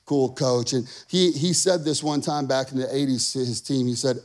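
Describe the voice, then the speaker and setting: A male pastor preaching a sermon, energetic and emphatic, repeating phrases for punch and throwing in casual asides to the congregation. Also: medium pitch, normal speed, few pauses.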